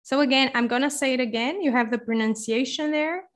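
A young woman with a Portuguese accent teaching phrases in a patient online lesson, repeating words slowly. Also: high voice. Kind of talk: slow explanatory online lesson.

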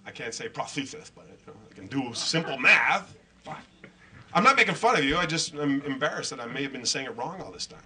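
A man's voice: medium pitch, expressive, fairly quick, bright, forceful tone. A middle-aged man emceeing a comedy show, rambling through self-mocking, profane bits and crowd work.

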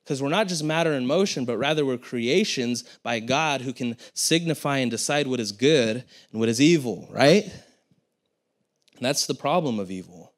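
A young pastor preaching with earnest, conversational energy. He keeps his pitch in a middle range and talks to the congregation in a casual, down-to-earth way. His delivery circles back on itself with restarts and asides. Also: normal speed, few pauses. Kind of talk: sermon.

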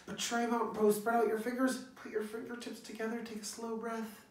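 A man teaching young children in an online singalong, talking gently and encouragingly in a playful way. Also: extremely high pitch, little pitch movement, brisk, few pauses. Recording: roomy echo, distant from the mic, guitar.

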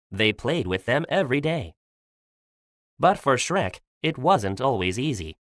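A woman reads a learner's storybook aloud, her low voice swooping widely. She takes it slowly and clearly, lifting her voice for the characters' lines. The sound is dry and close. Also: no room sound. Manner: very lively pitch, raises her voice for quoted lines. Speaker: reader of a graded English storybook.

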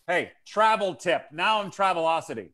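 A man's voice: high voice, animated, moderate pace, pushed and bright. A man doing stand-up comedy on a video call, rambling through profane, goofy riffs with lots of swearing.

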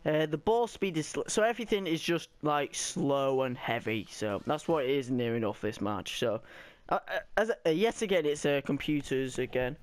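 A young man giving live, excitable commentary on his own gameplay, often shouting and squealing as his voice cracks high. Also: moderate pace, dry recording. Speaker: gaming YouTuber.

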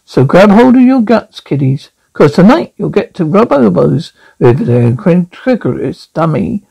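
A man's voice: high voice, sing-song, unhurried, vocal fry, mellow, husky, dry recording, heavily acted, rough recording. A man putting on a cackling ghoulish horror host. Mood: gleeful ghoulish. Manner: gleeful, punning, mock-sinister. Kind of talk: horror radio-play reading.

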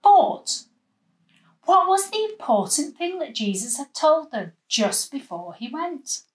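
A woman leading a children's church session, telling a Bible story with lively voices and asking the children at home to join in. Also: high voice, slow. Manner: animated, acting out the story with voices and gestures.

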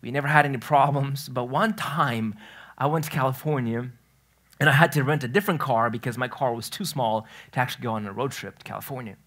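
A man pastor delivers a relaxed, conversational sermon in a church, with a voice of ordinary middle pitch. He tells stories in a chatty way, restarts his phrases often and slips into loose, everyday talk. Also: brisk. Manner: storytelling, chatty, self-correcting, laughs at his own story. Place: church sanctuary.

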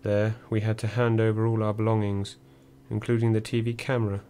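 A male narrator reads a memoir in a low, steady voice with little rise and fall. His delivery is measured and dry. A faint hum sits underneath. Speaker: audiobook narrator. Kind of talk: first-person memoir reading.

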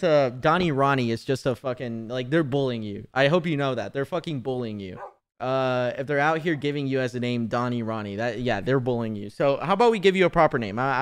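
Here a man in his twenties chats while live-streaming a game, with lots of profanity, jokes at others' expense and laughter. His voice is smooth and of medium pitch.

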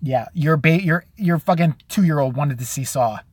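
A man's voice: fairly high pitch, normal speed, no room sound. A man hosting his own show, delivering a crude, sarcastic comedic rant and slipping into mocking impressions of other people. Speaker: show host.

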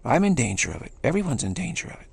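A man's voice: medium pitch, very animated, rapid-fire, vocal fry, slightly rough, no echo. A man giving an earnest spiritual talk, repeating key phrases and restarting sentences as he goes. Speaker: spiritual speaker.

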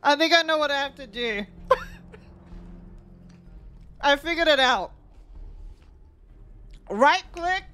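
A woman streaming a game, chatting with viewers and cursing loudly at enemies as she plays. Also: high-pitched, animated, a little slow, long pauses. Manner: profane, trash-talks enemies while playing; chats with viewers between fights. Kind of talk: live gameplay commentary.

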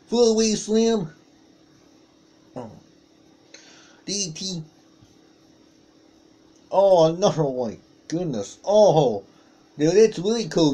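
A man doing play-by-play commentary on a wrestling match, calling out moves with excited exclamations. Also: fairly high pitch.

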